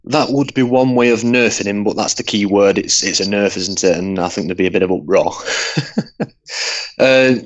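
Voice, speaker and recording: Low-voiced man weighing in. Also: highs cut off. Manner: measured, repeats his points. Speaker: guest expert on a game stream. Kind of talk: casual group chat on a call.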